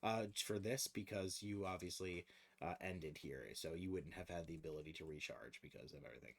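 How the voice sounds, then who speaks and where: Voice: low voice, fairly quick. A game master running a tabletop game on stream, talking casually, swearing freely and laughing often.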